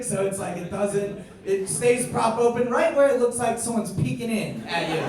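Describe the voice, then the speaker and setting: High-voiced man doing stand-up in an echoey club. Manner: profane, ranting, builds to loud indignant outbursts. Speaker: stand-up comedian. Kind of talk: stand-up set. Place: comedy club stage. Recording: echoey room, far from mic, crowd laughing.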